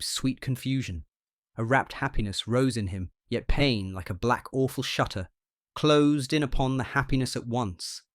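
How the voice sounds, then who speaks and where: A man narrating a short story in an unhurried, measured way, his voice at a middling pitch. The recording is dry and close, with no room sound. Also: no echo. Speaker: audiobook reader.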